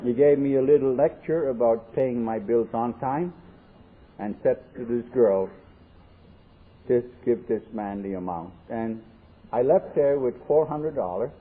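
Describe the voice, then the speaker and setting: A man speaks at a convention and tells his own story in a folksy, joking way, acting out both sides of each conversation. His voice sits at an ordinary pitch for a man. It comes through a thin, phone-like 1979 tape with a faint hiss underneath. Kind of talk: storytelling recovery talk. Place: convention hall.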